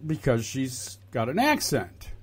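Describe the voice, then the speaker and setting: Male co-host, mid-pitched, deliberate and wry, halting delivery, casual political banter. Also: wildly swooping pitch, husky. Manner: deliberate, wry, mock-exasperated, halting with many uhs.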